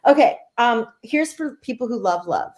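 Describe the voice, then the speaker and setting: A woman's voice: fairly high pitch, animated, normal speed, a little mellow. A middle-aged woman, an author as interview guest, gushing and swearing casually as she chats.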